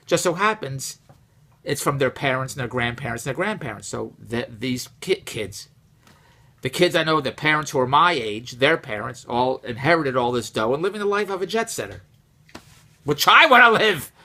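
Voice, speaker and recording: A man telling a casual personal story, rambling and repeating himself, rising and getting louder when exasperated. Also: mid-range voice, normal speed. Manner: animated, rises and gets louder when exasperated.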